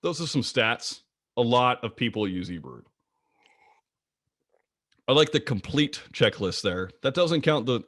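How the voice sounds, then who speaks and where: A man presenting an online slide lecture about birds, playful and jokey, with wide swings in pitch. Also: a bit bright, no echo, clean studio sound. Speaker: guest presenter of a bird talk.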